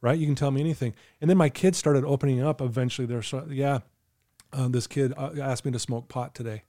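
Earnest man with a warm, dry voice. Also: medium pitch, fairly even intonation, fairly quick, dry recording. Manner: earnest, coaching tone with anecdotes. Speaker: podcast guest. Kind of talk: casual podcast chat.

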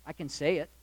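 A man preaching a sermon to a congregation. He talks to listeners directly, asks rhetorical questions and swings between loud declarations and quiet asides. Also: no echo. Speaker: pastor. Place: church or hall with live congregation.

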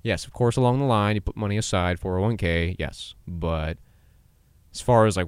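A man's voice: lowish voice, moderate pace, clear, resonant tone, no room sound, clean studio sound. A man in his twenties hosting a solo podcast, talking casually and giving pep-talk advice, acting out quotes and laughing at himself. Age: 20s. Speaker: podcast host.

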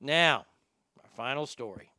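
A man's voice: medium pitch, animated, a little slow, bright, forceful tone, dry recording, clean studio sound. A man hosting a show, giving a profane, combative and sarcastic rant about celebrities. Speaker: host. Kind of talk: ranting celebrity commentary.

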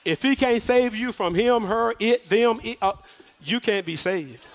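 Male preacher, very high voice, sermon built on slow, swelling rhetorical questions. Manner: preaching in rising repeated questions, slowing and shouting at peaks. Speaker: minister.

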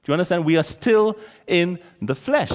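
Speaking in a large hall, a male preacher with a high-pitched voice and lively intonation explains scripture verse by verse at a normal speed. He keeps checking in with the congregation by putting questions to them.

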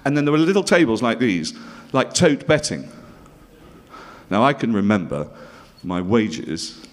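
Wry British comic with a lively voice. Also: male voice, medium pitch, measured pace. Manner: dry, self-mocking, wry asides to the audience. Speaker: comedian. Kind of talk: stand-up storytelling.

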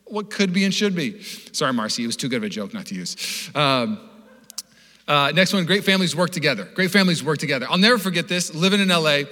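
A young man from Washington state preaching a sermon as pastor, animated and joking in a conversational way. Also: a little high, quick pace. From Washington state, USA. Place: church hall. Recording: long hall reverb.

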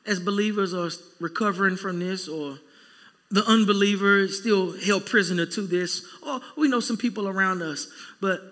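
A male pastor preaching a sermon, casual and animated, acting out quick bits of everyday dialogue. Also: sits high. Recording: long reverb in a church hall.

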